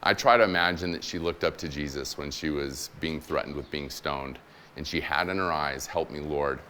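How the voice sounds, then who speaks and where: A man's voice: very deep voice, normal speed, pushed and bright, a little hiss or hum. A man in his forties, a military chaplain, giving a conversational, humorous sermon to a church congregation and acting out the people in his stories. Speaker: guest preacher, military chaplain.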